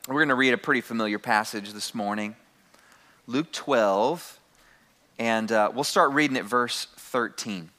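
A man's voice: mid-range voice, measured pace, sharp tone. A man preaching a sermon to his congregation, calling out key phrases and having the room repeat them. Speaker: pastor.

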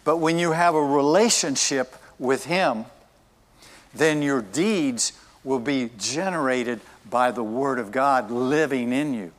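A man's voice: medium pitch, slow, big-room sound. A male pastor preaching a sermon in a church service, emphatic and repeating his key phrases.

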